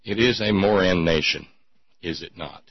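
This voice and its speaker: A man's voice: sits low, normal speed, breathy edge, no echo, dull audio. A man hosting a talk show, chatting in a rambling, sardonic way with many restarts. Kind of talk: casual call-in show banter.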